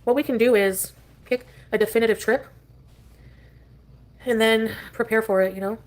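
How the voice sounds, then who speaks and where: A woman's voice: on the high side, fairly even intonation, normal speed. Rambling, chatty woman livestreamer. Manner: scattered, chatty, drifting between topics.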